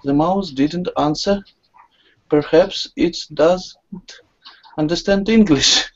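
Woman reading out loud super slow, trips over words, fixes them, muffled video call sound. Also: lowish voice. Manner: slow halting reading with self-corrections and laughs. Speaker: student. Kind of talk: reading a story aloud in class. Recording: dull lo-fi online call audio.

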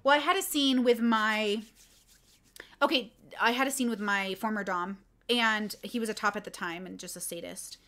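A woman's voice: mid-range voice, normal speed, pushed and bright. A young adult woman casually telling a personal story on a livestream, candid and rambling with many fillers. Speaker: content creator and streamer.

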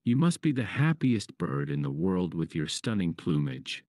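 A man's voice: deep voice, very animated, normal speed, darkish tone, dry recording, studio quality. Derivan, a man voicing a sorrowful raven. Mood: pleading. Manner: pleading, sorrowful. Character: sorrowful male raven seeking happiness.

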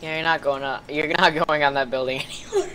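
A woman's voice: sits low, steady tone, fairly quick, a bit bright, rough recording. A young woman chatting casually during a game, teasing and mock-menacing her friend over voice chat with background noise. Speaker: gamer.

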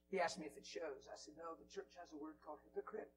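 Guy preaching in a church, high voice, gets loud then drops to a whisper, bit of hum in the background. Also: quick pace, few pauses, rough recording. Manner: animated, swings from loud to whispered. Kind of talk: storytelling sermon. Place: church hall.

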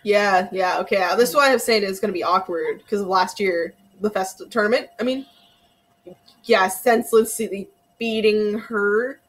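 A woman hosting an anime reaction video, talking casually and reacting with gasps, laughs and quick emotional outbursts. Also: medium pitch. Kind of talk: casual live reaction commentary.

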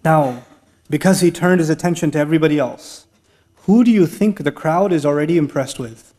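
Middle-aged guy preaching in a big mosque hall, fairly high voice, animated and joking with the crowd. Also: a little fast. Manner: animated storytelling with humor and laughs. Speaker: speaker giving an Islamic talk. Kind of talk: lively lecture to a live audience.

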